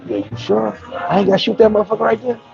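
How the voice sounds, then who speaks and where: A man voicing his reckless, gun-toting cousin from the South in an excitable, incredulous tone. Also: sits high, very fast, creaky, lo-fi sound, soft background music, pitched above the performer's own voice, full character voice. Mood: eager.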